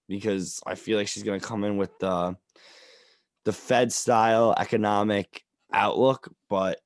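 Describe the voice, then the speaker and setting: A man co-hosting a casual economics podcast, talking in a slangy, relaxed and opinionated way. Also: lowish voice, no echo, clean studio sound. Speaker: podcast co-host.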